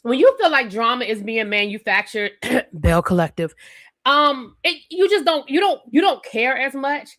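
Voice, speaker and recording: Woman streamer, young adult, chatty and animated, high bright voice. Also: normal speed. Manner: chatty, animated, talks straight to chat viewers. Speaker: YouTube reviewer hosting a live stream. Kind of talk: casual live-stream chat.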